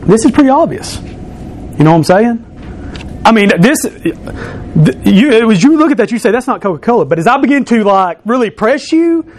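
A man's voice: extremely high pitch, big pitch swings, normal speed, a little mellow. A man in his thirties, a pastor preaching in a church, teasing and bantering with his congregation during an object lesson. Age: 30s.

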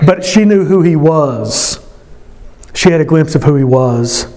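A man preaching a sermon as pastor at a church service, impassioned, his voice climbing high when he stresses a point. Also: lively intonation, measured pace, darkish tone.

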